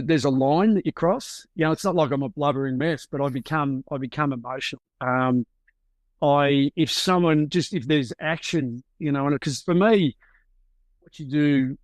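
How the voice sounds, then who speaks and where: A man's voice: medium pitch, no room sound. A middle-aged Australian man, a football coach, gives candid, reflective interview answers and searches for his words.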